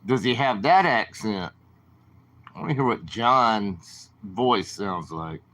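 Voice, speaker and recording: A man's voice: lowish voice, animated, slow, a bit bright, a little hiss or hum. A man with a southern drawl, rambling casually to viewers on his late-night livestream. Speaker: livestream host.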